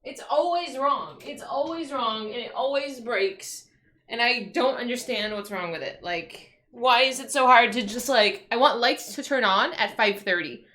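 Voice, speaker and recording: A woman's voice: a little high, moderate pace, pushed and bright. A woman streamer chatting casually at home, ranting in exasperation, swearing and restarting her sentences. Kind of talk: casual livestream chat.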